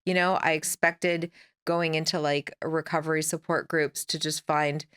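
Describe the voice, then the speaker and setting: A woman in her forties speaks with a fairly low voice as a podcast guest. She tells her story candidly and in a rambling way. She slips into her own past dialogue as she talks. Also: flat delivery, moderate pace, fairly bright tone, clear, resonant tone.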